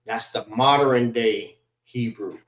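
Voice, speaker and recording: A man leads an alphabet class at an unhurried, measured pace, sounding out each letter and repeating it. His voice sits at an ordinary middle pitch and carries the echo of a reverberant classroom. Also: a bit bright. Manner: slow, repetitive drilling of letter sounds. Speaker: class instructor. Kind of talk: teaching a Hebrew alphabet class.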